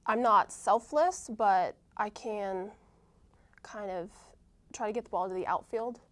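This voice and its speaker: A woman's voice: mid-range voice, unhurried, fairly bright tone. Young woman answering with ums and restarts. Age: young adult. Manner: hesitant, many ums and restarts. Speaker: college softball player, guest. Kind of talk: casual interview answers.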